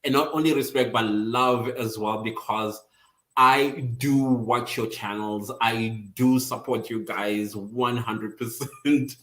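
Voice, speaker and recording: Slow, laughing man. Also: medium pitch, fairly even intonation, fairly bright tone, reverberant. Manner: chatty, laughs often, teasing viewers by name. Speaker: livestream host. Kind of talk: casual livestream chat with viewers.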